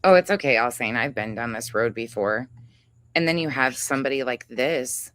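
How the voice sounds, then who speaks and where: A woman's voice: a bass voice, steady tone, normal speed, fairly bright tone, slight background noise. A woman hosting a livestream, ranting angrily and with heavy profanity, calling out another creator and reading chat names aloud. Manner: angry, profane, confrontational. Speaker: livestream host. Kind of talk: heated livestream rant.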